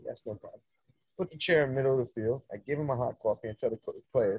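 A man, a soccer coach, telling a story in casual chat, animated, swearing freely and acting out the dialogue. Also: mid-range voice, racing, breathy edge. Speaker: soccer coach, podcast guest.

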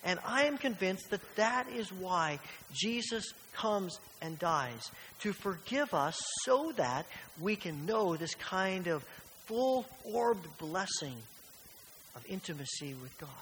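A man's voice: high-pitched, animated, slow pace, fairly bright tone. A man preaching a sermon in a church, earnest and fond of rhetorical questions. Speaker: pastor. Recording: reverberant church hall with faint hiss.

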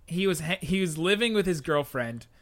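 A young man, co-hosting a casual podcast and telling a story in an animated way with frequent laughs. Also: fairly high pitch, moderate pace. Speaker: podcast host.

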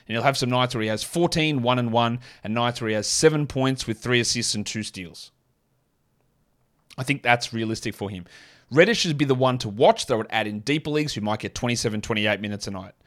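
A man with a non-American accent hosting a fantasy basketball show, talking through his picks in a chatty, opinionated way. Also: mid-range voice. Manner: chatty, opinionated, quick asides. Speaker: fantasy basketball podcast host. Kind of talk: casual solo analysis with ad read.

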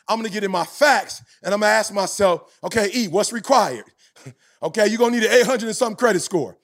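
A high-voiced man in his forties holds forth on a podcast like a motivational preacher. His delivery is emphatic and rhythmic, often swelling into near-shouts to hammer a point home. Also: fast talker. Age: 40s. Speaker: motivational speaker, podcast host. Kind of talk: passionate podcast talk.

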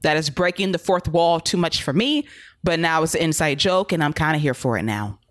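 Joking podcast host with a dry close sound. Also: male voice, fairly high pitch, lively intonation, a little fast, fairly bright tone, no echo. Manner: joking, profane, sarcastic. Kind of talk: casual wrestling recap chat.

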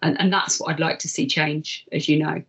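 A woman's voice: deep voice, brisk, creaky, breathy edge, highs cut off. A woman speaking as an interview guest on workplace wellbeing, earnest and talkative. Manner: earnest, many fillers and restarts, animated. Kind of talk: conversational interview.

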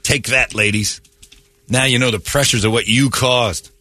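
A man's voice: mid-range voice, fairly even intonation, moderate pace, over a noisy crowd, heavy background noise. A man hosting a morning radio show, brash and mocking, full of crude comic banter. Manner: brash, mocking, slips into silly put-on voices. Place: radio studio.

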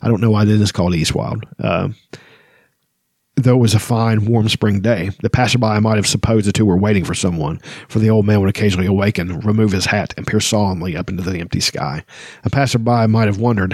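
A man's voice: fairly low pitch, steady tone, quick pace, darkish tone, husky, dry recording, studio quality. A man hosting a casual book podcast, reading passages aloud and rambling between them with frequent ums and you-knows. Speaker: book discussion podcast host.

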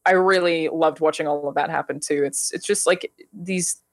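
A woman's voice: low voice, fairly even intonation, moderate pace, no room sound. A woman host in casual, enthusiastic chat, swearing freely. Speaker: podcast host.

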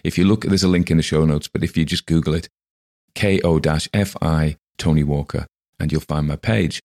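Man, gravelly, casual spoken commentary, rambling, reflective, frequent fillers. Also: very deep voice, steady tone, moderate pace, a little mellow. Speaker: podcast host.

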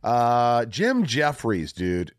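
A man's voice: mid-range voice, huge pitch swings, extremely slow, no room sound, studio quality. A man hosting a podcast, chatting casually and rambling with many restarts and jokes. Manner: rambling, restarts a lot, jokey. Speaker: podcast host. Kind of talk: casual chat.

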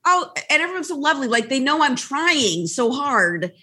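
A woman talking as a podcast guest in casual chat, animated and laughing often as she acts out little quoted exchanges. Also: sits high, normal speed.

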